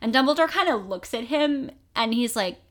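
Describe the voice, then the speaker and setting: A woman co-hosting a casual book podcast, animated and sweary with mocking asides. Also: on the high side, normal speed. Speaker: podcast co-host. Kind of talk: casual book discussion chat.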